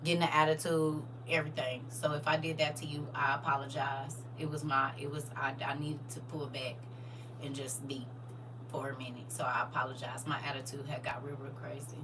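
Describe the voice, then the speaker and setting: A woman hosting a casual livestream, chatting to viewers as "y'all" and answering their comments aloud, with expressive swings from hushed to loud. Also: low voice, normal speed, background noise. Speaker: livestream host.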